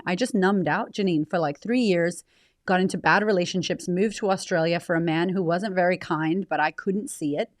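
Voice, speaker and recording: Woman guest, 30s, lowish voice, dry close sound, frank and reflective. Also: dry recording. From United States. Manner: frank, reflective, fast bursts with casual swearing. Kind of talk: candid conversational interview.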